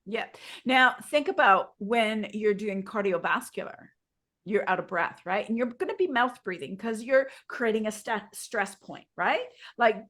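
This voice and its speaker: A woman yoga teacher explains breathing to her co-host in an instructive podcast chat. She talks in a guiding way and keeps turning to her listener with questions. Her voice sits at a middle pitch. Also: expressive, a little slow, fairly bright tone.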